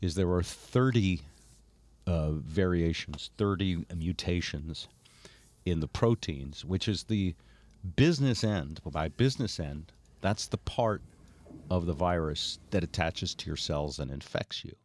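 A man's voice: low voice, a little slow, no room sound. An older man hosting a chatty podcast, telling stories with many fillers. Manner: animated storyteller, many fillers. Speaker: host. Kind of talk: casual chat.

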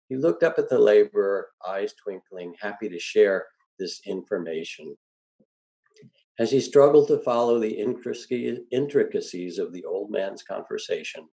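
Deep-voiced guy reading a story out loud, calm and measured, mellow tone. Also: poor audio.

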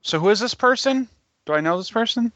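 A man appearing as a podcast guest, chiming in with quick, chatty remarks. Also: sits high, animated, fairly bright tone, no room sound. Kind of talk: casual podcast chat.

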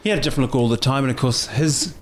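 A man's voice: medium pitch, slight background noise. Chatty New Zealand man co-hosting. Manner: chatty, quick to joke. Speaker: co-host. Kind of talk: casual radio chat.

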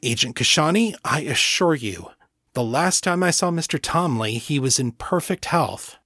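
A man's voice: on the high side, lively intonation, moderate pace, bright, forceful tone, dry recording, clean studio sound, pitched above the performer's own voice, exaggerated voice. A man voicing a cocky male incubus who drawls and mocks his questioner. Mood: smug. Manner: drawling, mocking.

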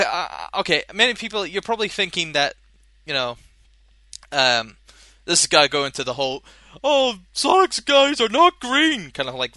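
Rambling man with a bright voice. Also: fairly high pitch, no room sound. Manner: rambling, many fillers and restarts. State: chewing gum. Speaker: podcast host. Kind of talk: casual chat.

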